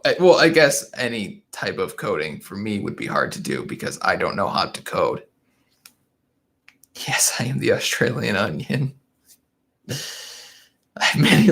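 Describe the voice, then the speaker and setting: A livestream host with a medium-pitched, gravelly, fairly bright voice chats casually into a desk microphone. He laughs often while reading out viewer comments.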